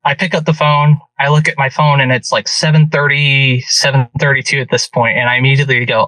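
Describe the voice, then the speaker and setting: Man, animated storyteller, bright tense voice, a bit off-mic, dry studio sound. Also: medium pitch, brisk, hardly any pauses, no room sound, recorded from a distance, rough recording. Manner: animated, vivid retelling. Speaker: guest hunter. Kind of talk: casual storytelling. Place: podcast studio.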